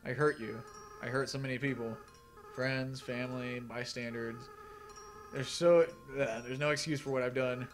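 A man's voice: medium pitch, fairly even intonation, lightly acted. Asriel, a man reading as a tearful monster boy. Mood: sad. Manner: soft, earnest, halting reading of game dialogue. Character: remorseful young goat-monster boy, tearful.

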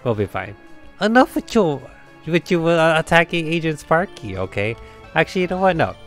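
A man's voice: on the high side, big pitch swings, brisk, a bit bright, faint music behind. A man giving casual let's play commentary, chatty, laughing often and talking to himself. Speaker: game streamer.

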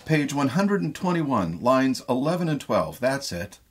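Husky man, middle-aged, theatre professor, deliberate lecture, thoughtful, repeats words. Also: mid-range voice, big pitch swings. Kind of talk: lecture on a play.

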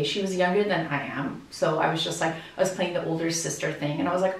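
A woman in her thirties chatting casually to viewers in a home vlog, animated and direct. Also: on the low side, fast talker, hardly any pauses, echoey room, far from the mic, rough recording. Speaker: vlogger. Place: house interior.

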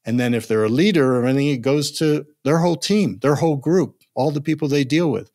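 A man's voice: a little high, a little fast. An older man, a negotiation expert, telling a story in a podcast interview and acting out the voices of the people in it. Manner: animated storyteller, acts out quoted voices.

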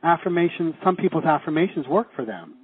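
A man's voice: a little high, a little fast, slight background noise. A middle-aged man from Canada teaching a live seminar, quizzing the class and acting out the reactions he describes. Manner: lively, asks the class questions, acts out quoted reactions. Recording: tinny phone-like audio.

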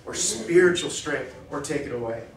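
A man speaking at a men's breakfast in a cafe, preaching in an animated way and acting out quoted thoughts in a hushed voice. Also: a little high, normal speed, slight background noise. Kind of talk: preaching talk. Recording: echoey room, mic far off.

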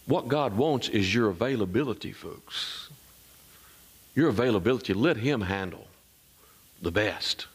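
A male pastor preaching a sermon, climbing high in emphasis and dropping low and soft, with asides to the congregation. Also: expressive, unhurried, pauses often, husky. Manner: call-and-response asides to the congregation.

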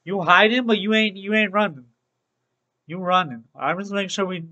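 Bright, high-voiced young man streaming. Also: moderate pace, lo-fi sound. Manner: chatty and upbeat, repeats phrases, calls viewers bro. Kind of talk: casual Let's Play commentary to live chat.

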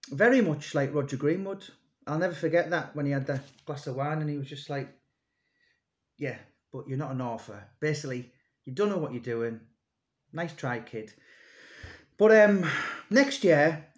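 A man in his thirties, an author and publisher, rambling conversationally about his books with many fillers and restarts. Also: on the high side. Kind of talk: casual monologue to camera.

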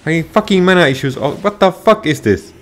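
A man playing a card game online, grumbling and swearing at it, at times yelling in frustration. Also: on the high side, animated, fairly quick. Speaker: gamer streaming a card game. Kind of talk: angry gameplay commentary.

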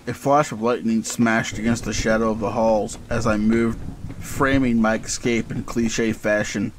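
Male horror narrator, fairly low voice, intense dramatic reading. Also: level tone, a little slow, slight background noise, low-quality recording.

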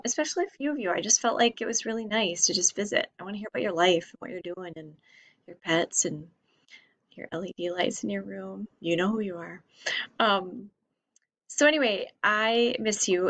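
A woman's voice: medium pitch, no echo, rough recording. Chatty, tired woman teacher, dry sound. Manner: chatty, warm and rambling, with frequent fillers. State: tired late at night. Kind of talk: recorded online lesson.

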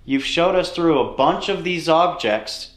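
A man's voice: on the high side, animated, measured pace. A man hosting a ghost hunt inside an old building, earnestly pleading with spirits to answer. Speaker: paranormal investigator host. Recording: roomy echo.

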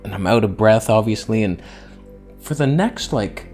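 A man's voice: lowish voice, expressive, moderate pace, darkish tone, faint music behind. A man vlogging in a casual, rambling, self-mocking way while in back pain. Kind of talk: casual vlog monologue.

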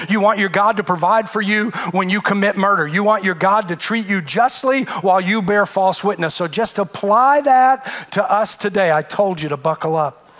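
A man's voice: high-pitched, fairly bright tone. A man preaching a sermon, reading scripture and firing off emphatic rhetorical questions. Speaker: pastor.

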